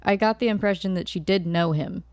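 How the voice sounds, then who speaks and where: A woman's voice: medium pitch, fairly quick, darkish tone, no room sound. A woman on a podcast, speaking thoughtfully and hesitantly, with frequent restarts. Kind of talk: casual podcast discussion.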